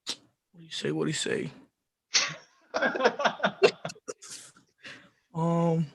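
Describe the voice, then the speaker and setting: A man's voice: fairly high pitch, huge pitch swings, very slow, vocal fry, husky, heavily acted. A man on a video call doing an impression of a movie villain king for a charades round. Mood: taunting. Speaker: game player.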